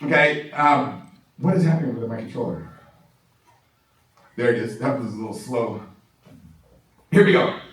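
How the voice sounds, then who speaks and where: A man giving an energetic, excitable motivational training talk to a live audience in a large room, laughing often and asking "right?" a lot. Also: medium pitch, moderate pace, pauses often. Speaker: sales trainer. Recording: echoey room, voice from far off.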